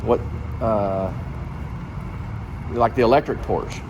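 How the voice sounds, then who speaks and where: Man, low voice, casual vlog chat, rambling, musing aloud, in a car, faint street noise. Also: fairly even intonation, takes it slowly. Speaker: vlog host.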